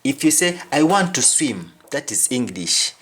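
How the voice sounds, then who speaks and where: A man's voice: mid-range voice, very animated, unhurried, a bit bright. A man teaching a language lesson, repeating each phrase and restating it several ways. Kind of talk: explanatory lesson.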